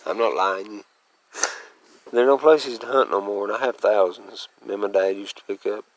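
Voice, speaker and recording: A fairly low-voiced man rambles on in a chatty, folksy way, breaking into little chuckles. He is talking outdoors and from his truck, and faint ambient noise sits under his voice. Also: normal speed, low-quality recording. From Western North Carolina. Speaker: vlogger. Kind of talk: casual rambling monologue.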